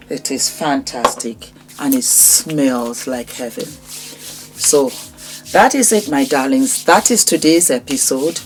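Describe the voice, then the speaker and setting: Low-voiced woman in her fifties. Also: slow pace, soft background music. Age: 50s. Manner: warm, emotional, grateful. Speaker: vlogger. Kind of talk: casual vlog to camera.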